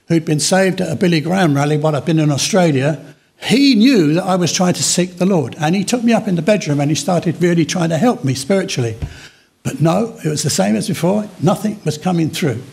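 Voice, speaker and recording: An older man preaching a sermon, telling his own story with dramatic slow pauses. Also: high voice, vocal fry, darkish tone, breathy edge. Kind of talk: sermon testimony.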